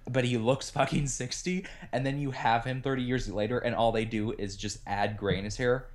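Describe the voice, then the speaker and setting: A man's voice: medium pitch, steady tone, normal speed. A man chatting casually about a movie, blunt and emphatic, with occasional swearing. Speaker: film discussion co-host. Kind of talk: casual chat.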